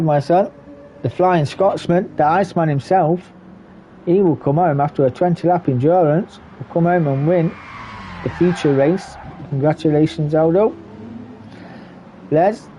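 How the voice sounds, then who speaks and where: Brief: male race commentator, mellow and dark-toned, chatty and excitable, slight hiss behind. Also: fairly high pitch. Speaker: race commentator and league host. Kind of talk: sim racing commentary.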